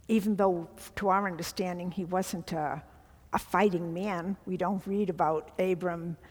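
A woman's voice: on the low side, in a large hall. A middle-aged woman leading a women's Bible study, teaching earnestly with emphatic asides to the group.

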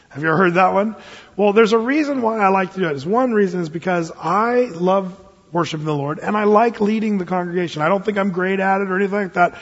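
A man's voice: high voice, fast, breathy edge. A man, a pastor, preaching a sermon in earnest, mixing scripture reading with reflective asides to his congregation. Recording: dull sound with long hall reverb.

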